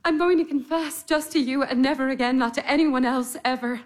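An actress as an urgent, lovesick sister. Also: female voice, high-pitched, a little fast, lightly acted. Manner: urgent, intense. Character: passionate sister confessing secret love. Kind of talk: stage drama acting.

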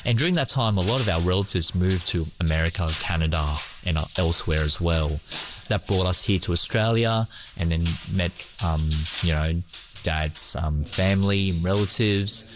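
A man from Hong Kong, a school teacher, answering interview questions hesitantly with many pauses and fillers. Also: low voice, music in the background.

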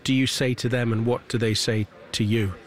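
Gentle, slightly stammering male radio host. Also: medium pitch, steady tone, normal speed. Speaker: interview host. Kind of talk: radio interview.

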